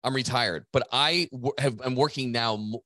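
A middle-aged man coaching gym owners on a podcast, pushing his points hard with a motivational drive and the odd casual curse. His voice sits at an ordinary middle pitch. The recording is close and dry, with no room sound. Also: normal speed, bright, forceful tone, dry recording. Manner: emphatic, motivational, swears casually. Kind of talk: casual business podcast talk.

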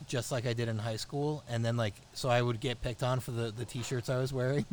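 A man's voice: medium pitch, steady tone, a little fast, darkish tone, a little hiss or hum. A man co-hosting a casual podcast chat, telling a story in a rambling way with many restarts and laughs. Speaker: podcast co-host.

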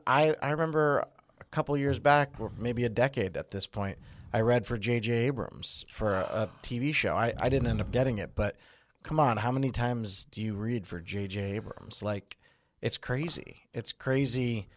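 A man's voice: medium pitch, moderate pace, a little hiss or hum. A man who is an actor guest on a podcast, talking casually in a reflective, loose and rambling way. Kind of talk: casual interview chat.

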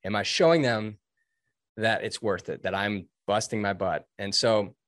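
A man's voice: on the low side, a little slow, a bit bright, no room sound. A man recounting his military training in an interview, earnest and openly emotional, with restarts. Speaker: interview guest, former Navy SEAL trainee. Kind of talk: storytelling in a conversational interview.

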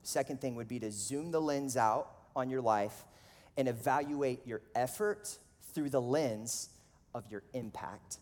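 A man in his thirties preaching a sermon in a casual, animated storytelling way, full of "like". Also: medium pitch, a little slow. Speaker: pastor. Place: church auditorium. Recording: long reverb of a large hall.

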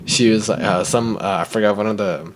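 A young man, a podcast guest, telling a school story in a casual, animated way, acting out the people in it and laughing often. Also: lowish voice, moderate pace. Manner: animated, acts out quotes, laughs often, says "like" and "right?".

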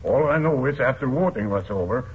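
A man's voice: mid-range voice, animated, a little fast, close to an everyday voice. Man doing a teasing lodge janitor, broken english, chuckling, 1940s radio comedy, tinny old broadcast, faint hiss. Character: jolly older male lodge janitor, teasing.

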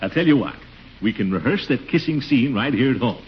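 A man's voice: expressive, brisk, slight background noise, close to an everyday voice. Man playing a pompous blustering uncle. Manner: pompous, booming. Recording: dull old radio recording.

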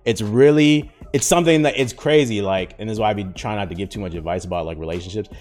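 A man's voice: on the low side, quick pace, darkish tone. A man around thirty talking in slangy casual chat as a podcast host, rambling with lots of fillers. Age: 30s.

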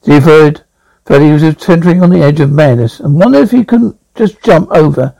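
A man's voice: a little high, expressive, moderate pace, vocal fry, dark tone, no room sound, rough recording. A man reading a novel aloud as an audiobook narrator, with frequent stumbles and restarts.

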